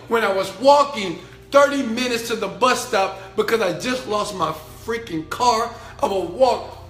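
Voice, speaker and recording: High bright motivational speaker, echoey. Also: male voice, lively intonation, measured pace. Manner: preachy and emphatic, swinging from low murmurs to shouted chants; blunt and profane. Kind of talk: fired-up motivational talk to an online audience. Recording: echoey room with faint music.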